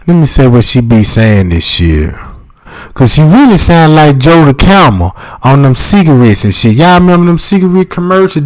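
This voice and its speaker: A man, talking loosely into his livestream in a somewhat high voice. He rambles, swears freely and keeps checking that his listeners follow him. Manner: loose, profane, keeps asking "you know what I'm talking about". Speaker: livestream host. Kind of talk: casual livestream commentary.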